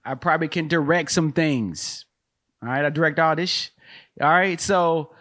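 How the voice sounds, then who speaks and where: At a moderate pace, a man with a fairly bright, highish voice hosts a one-man comedy commentary. The host and comedian stays slangy and relaxed, repeatedly calling his audience "man" and "bro" while laughing at his own material.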